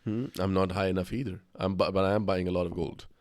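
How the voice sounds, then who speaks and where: A man's voice: deep voice, fairly even intonation, fast talker, a little mellow, no echo, studio quality. A man co-hosting a podcast, talking casually in a rambling, enthusiastic way with plenty of fillers and restarts. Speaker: podcast co-host. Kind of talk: casual conversation.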